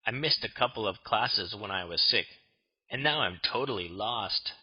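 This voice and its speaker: A man's voice: lowish voice, lively intonation, moderate pace, slightly rough. A man playing an easygoing college student in a scripted textbook dialog. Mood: casual. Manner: casual, easygoing. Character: laid-back male college student. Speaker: dialog actor. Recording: muffled lo-fi studio recording.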